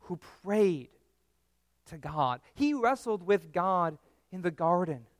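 A man preaching a sermon in an earnest, measured way, with dramatic pauses. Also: high voice, animated, dry recording.

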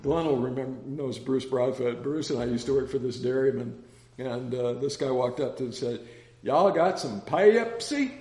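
Casting note: man in mid pitch leading a relaxed Bible class, talks in loose, repeating stories, roomy echo around him. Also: normal speed. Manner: chatty, rambling, with anecdotes and restarts. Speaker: Bible study teacher. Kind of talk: casual Bible study teaching.

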